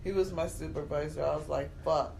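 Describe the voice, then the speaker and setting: A woman's voice: low voice, steady tone, a little fast, gravelly, darkish tone. A woman in a casual chat, speaking bluntly and laughing easily.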